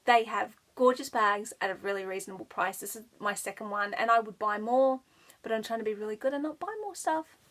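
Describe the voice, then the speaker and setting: A woman's voice: mid-range voice, fairly quick, fairly bright tone. An Australian woman chatting casually to camera as a knitting podcaster, rambling and giggling as she goes. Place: child's bedroom at home.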